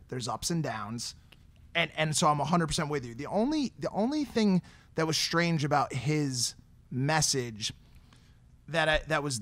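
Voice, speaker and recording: A thoughtful man co-hosting a podcast, talking in a measured, careful way that softens his points. His voice is bright and a little high, recorded dry and close. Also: no room sound. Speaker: podcast co-host. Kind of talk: casual podcast chat.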